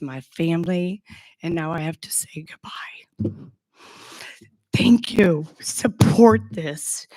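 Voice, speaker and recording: A low-pitched woman in her sixties tells her personal story as a former clinic patient. She speaks slowly and earnestly, stopping and restarting as she searches for words. Her voice sounds dry and close. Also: no room sound. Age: 60s. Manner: earnest and halting, with frequent restarts. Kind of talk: heartfelt personal testimonial.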